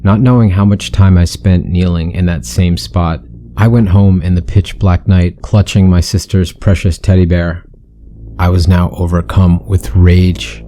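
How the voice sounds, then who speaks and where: A man's voice: deep voice, dark tone. A man narrating a first-person horror story with an intense, brooding delivery.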